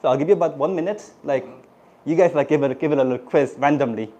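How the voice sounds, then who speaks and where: A middle-aged man with a Korean accent, whose first language is Korean, teaching Korean words to a class in a lively way. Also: fairly high pitch, fast talker, muffled recording. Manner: animated, switches into cute playful put-on voices for examples.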